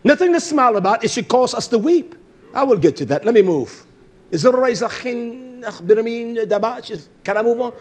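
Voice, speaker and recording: A middle-aged man preaching a sermon, impassioned, swinging from low murmurs to shouts. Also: lively intonation, a little fast, husky.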